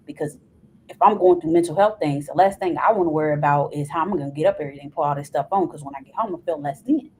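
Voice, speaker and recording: A woman's voice: low-pitched, very fast, a little mellow, a little hiss or hum, rough recording. A woman guest on a podcast, talking earnestly and giving advice in casual conversation.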